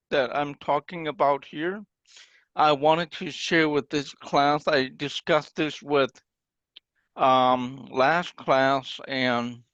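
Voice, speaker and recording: A man's voice: fairly high pitch, fairly bright tone, clean tone, dry recording, dull audio. A man teaching an online language class, patiently explaining and demonstrating example phrases over a video call.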